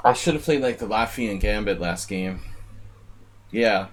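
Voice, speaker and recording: A man's voice: fairly low pitch, a little slow. A man live-streaming blitz chess, chatting casually with viewers and rambling jokingly between moves. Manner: rambling, joking, talks to chat.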